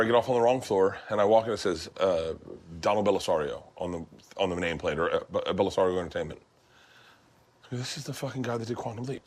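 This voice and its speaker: A brash, excitable man hosting a casual chat in a kitchen. His voice sits a little low, and he tells stories loudly with plenty of swearing. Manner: brash, profane, excitable storytelling. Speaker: podcast host and stand-up comedian.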